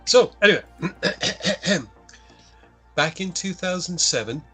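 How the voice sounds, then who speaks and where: A man's voice: sits high, expressive, slow pace, sharp tone, breathy edge, faint music behind. A man co-hosting a podcast, rambling and swearing as he recaps a horror film. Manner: rambling, profane, self-correcting. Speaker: podcast co-host. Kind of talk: casual chat, recapping a film.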